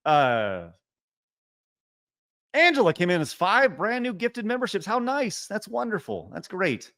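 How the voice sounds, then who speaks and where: Animated man reading chat donations. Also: high voice. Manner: mock-protesting, animated, reads donor messages aloud. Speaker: streamer reading super chats. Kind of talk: casual livestream chat.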